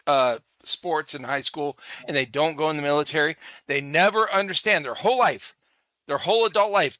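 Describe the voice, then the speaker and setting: A man's voice: on the high side, pushed and bright, no room sound. A man hosting a casual podcast chat, hyped up and swearing freely, laughing often. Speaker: podcast host.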